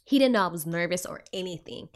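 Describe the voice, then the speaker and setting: Talking fast, a young woman clinician who works with kids retells a personal story for her viewers. Her delivery is lively, her pitch swings widely, and fillers like "you know" pepper her speech.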